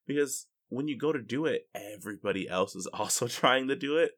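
A man co-hosting a gaming podcast, telling stories in an animated, jokey way. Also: medium pitch, brisk, husky. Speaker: podcast co-host. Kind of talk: casual chat.

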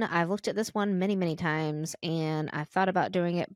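An American woman co-hosting a podcast, chatting casually and retelling a spooky story, animated and giggly. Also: on the low side, normal speed, hardly any pauses, no echo, studio quality. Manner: animated and giggly, acts out reactions. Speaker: podcast co-host.

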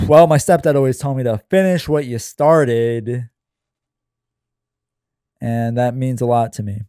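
A man reading his screenplay aloud in a deadpan, weary way with sarcastic asides. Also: medium pitch, unhurried, smooth, dry recording, clean studio sound.

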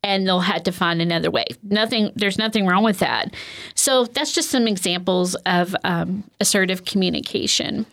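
A woman's voice: mid-range voice, normal speed, gravelly, fairly bright tone. A woman counselor explaining communication skills in a conversational way, with frequent "um" and "you know". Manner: conversational, filler-heavy, with lots of "um" and "you know". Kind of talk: explanatory interview talk.

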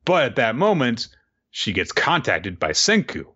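A man casually recapping a story chapter, animated, quoting the characters in goofy voices. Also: medium pitch, unhurried, breathy edge. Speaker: podcast co-host. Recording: dull lo-fi audio.

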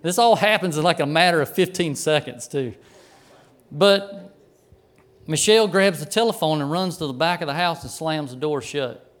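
Middle-aged pastor, male, slightly high voice, folksy animated storyteller from the pulpit. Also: normal speed. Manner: animated, folksy anecdote with chuckles. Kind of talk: storytelling sermon.

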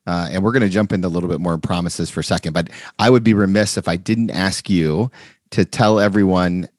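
A man hosting a casual faith podcast interview, friendly and a bit halting, with fillers and restarts. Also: low voice, darkish tone, no echo, clean studio sound. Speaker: podcast host.

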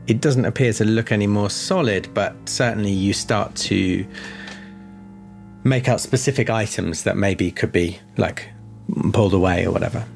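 A man running a tabletop horror game as game master, narrating with many pauses and restarts. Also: on the low side, vocal fry, a little mellow, soft background music. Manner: hesitant, many fillers and restarts.

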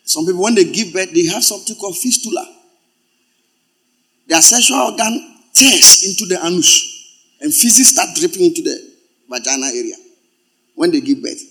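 A man preaching a sermon as pastor, swinging from loud exclamations to quiet asides. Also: sits high, lively intonation, normal speed, long pauses, breathy edge.

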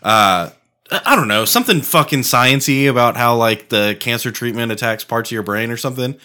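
A man's voice: mid-range voice, expressive, fairly quick, bright, forceful tone. A man co-hosting a casual podcast chat, rambling, swearing and laughing often. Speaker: podcast co-host.

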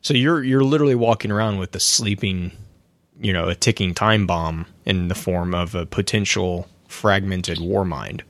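A man's voice: deep voice, normal speed, fairly bright tone, dry recording. A man co-hosting a casual gaming podcast, rambling through explanations with many asides. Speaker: podcast co-host.

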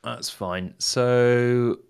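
A man's voice: mid-range voice, fairly even intonation, very slow, vocal fry, darkish tone, smooth. A man playing his character in a tabletop game, easygoing and hesitant, laughing now and then. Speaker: player.

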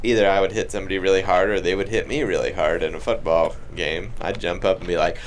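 A man in a casual podcast chat, excitable and lively as he talks. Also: low voice, fast, very noisy. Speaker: podcast co-host.

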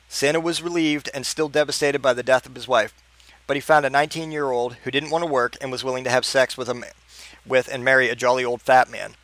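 Deadpan man reading an absurd story. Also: mid-range voice, dry recording. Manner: deadpan, with stumbles and restarts. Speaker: narrator.

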